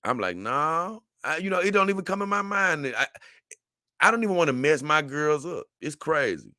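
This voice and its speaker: A man's voice: on the high side, lively intonation, brisk, sharp tone, no room sound, studio quality. A middle-aged man hosting a casual talk show, answering viewer comments in a rambling way and often stammering as he restarts his words. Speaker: show host.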